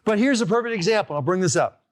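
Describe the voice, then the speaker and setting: A man hosting a live online golf lesson as instructor, talking in an energetic, emphatic way and often checking in with "okay?". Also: sits high, fast talker. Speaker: golf instructor and show host.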